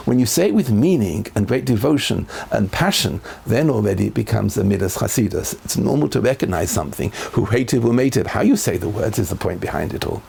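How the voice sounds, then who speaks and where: His voice is creaky and darkish with a breathy edge as this rabbi teaches a Torah class in an earnest, lecturing way. Quoting verses, he goes up in pitch.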